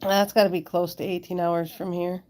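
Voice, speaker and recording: Chatting to her pets and viewers on a home live stream, this woman giggles frequently while holding her phone camera close. Her lowish voice is a little mellow, with a flat delivery and moderate pace.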